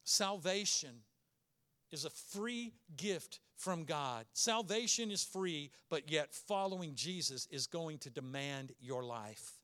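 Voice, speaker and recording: A man preaching a sermon as a pastor, earnest and emphatic, asking many rhetorical questions and slowing down to stress key words. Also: fairly high pitch, lively intonation, sharp tone.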